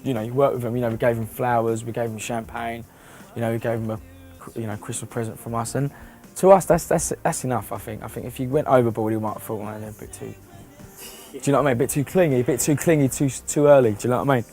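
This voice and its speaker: A man's voice: mid-range voice, quick pace, hardly any pauses, a little mellow. A young man from a pop band, cheeky and joking in an interview. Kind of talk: interview talk. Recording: music playing behind. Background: faint music.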